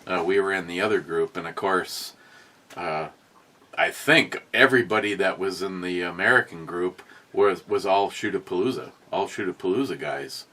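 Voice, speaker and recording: Low-voiced guy hosting a beer review chat, rambling and cussing, gets animated telling stories. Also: normal speed. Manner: rambling, profane, animated storytelling. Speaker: beer review podcast host. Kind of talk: casual chat.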